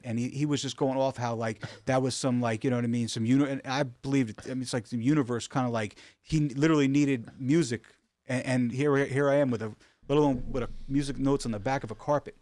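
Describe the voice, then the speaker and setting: Man, casual storyteller, animated, lots of fillers, dry studio sound. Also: medium pitch, fast talker, no echo. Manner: animated, full of fillers and restarts. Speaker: rug artist guest.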